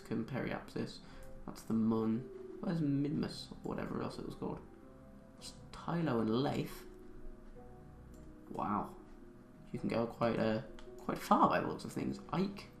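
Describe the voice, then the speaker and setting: A man's voice: mid-range voice, animated, normal speed, vocal fry, echoey room, over music. A young man playing a space game, thinking aloud with many fillers and reading the tutorial text aloud. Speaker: gamer.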